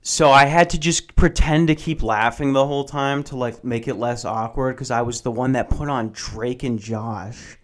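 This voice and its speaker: A man's voice: mid-range voice, moderate pace, few pauses. Profane, rambling man hosting a podcast. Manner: self-mocking, jokey. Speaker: solo podcast host. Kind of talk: casual solo podcast rant.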